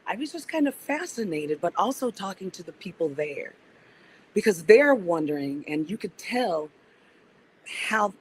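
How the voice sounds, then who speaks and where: A woman's voice: fairly low pitch, big pitch swings, a little slow, slight background noise, low-quality recording. A woman guest on a podcast, an organizer and activist, talking reflectively and restarting her sentences as she thinks. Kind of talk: casual interview conversation.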